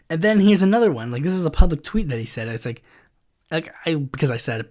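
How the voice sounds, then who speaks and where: A podcast host lets off steam in a loose, sarcastic monologue, leaning on "like" and "it's like" as he goes. His voice sits a little high and swings widely in pitch, rising sharply whenever he is exasperated. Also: lively intonation, fast talker, a little mellow. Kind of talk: casual ranting monologue.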